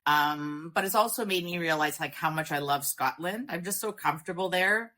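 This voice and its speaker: A woman's voice: fairly low pitch, moderate pace, pushed and bright. A woman from Canada, a podcast guest, telling a story in a rambling casual way with many fillers.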